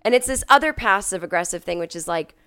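Sick woman, smooth voice, animated storytelling. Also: fairly low pitch, quick pace. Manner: animated, acts out quoted people in a raised voice. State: sick, coughing and clearing her throat. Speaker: podcast host. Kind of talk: casual storytelling monologue. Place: at home.

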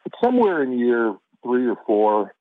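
Over a tinny, phone-like call, a Chicago actor being interviewed speaks at normal speed in a medium-pitched, very animated voice, and the recording is dry. He rambles through casual stories, full of fillers and restarts.

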